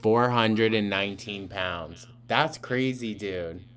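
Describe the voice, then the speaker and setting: A man talks through a live reaction stream in a low, unhurried voice. His commentary is blunt and mocking, and he swears freely. It sounds like a casual chat with his viewers. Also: a bit bright, slight background noise.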